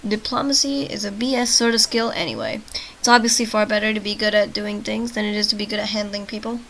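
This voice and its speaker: A woman's voice: mid-range voice, fast, fairly bright tone, low-quality recording. A woman reading a text adventure aloud with chatty, self-mocking asides, often tripping over words and laughing it off. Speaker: let's-play host reading a text game aloud.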